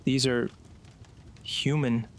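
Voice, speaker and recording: A man voicing an uneasy young man on a jungle trek, speaking in a low, trembling mutter. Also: fairly even intonation, slow pace.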